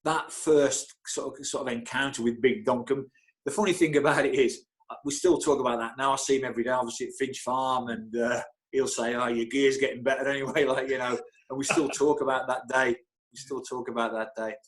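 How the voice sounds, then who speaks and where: A middle-aged man, physio to a football club, talks as an interview guest in a brisk, steady mid-range voice. He tells casual stories with animation, frequently faltering, restarting and breaking into chuckles.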